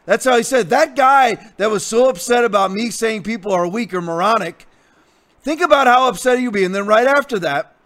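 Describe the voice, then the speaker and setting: A man's voice: extremely high pitch, fairly quick, fairly bright tone. A man preaching as a pastor in a blunt, defiant rant, repeating his points for emphasis. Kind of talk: combative sermon rant.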